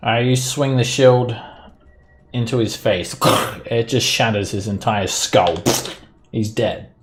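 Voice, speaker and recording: A man's voice: medium pitch, slow pace, over music. A man running a tabletop game as dungeon master, narrating loosely with fillers and frequent laughs.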